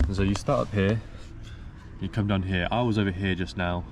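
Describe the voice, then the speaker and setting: A young travel vlogger walks around a city outdoors, talking casually to camera in a low, steady voice at a brisk pace. He rambles chattily with lots of loose fillers, against a noisy background.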